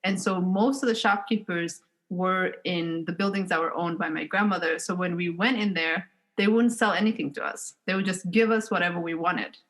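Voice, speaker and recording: A woman from Somalia, a podcast guest telling childhood stories in a casual, animated way and laughing often. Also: fairly low pitch, normal speed, hardly any pauses. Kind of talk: casual storytelling.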